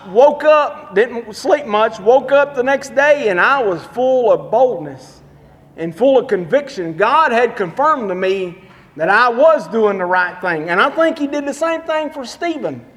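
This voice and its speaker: A man's voice: extremely high pitch, expressive, unhurried, a bit bright. A pastor preaching a sermon in a church, emphatic and repetitive as he tells stories and drives his points home. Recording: long hall reverb.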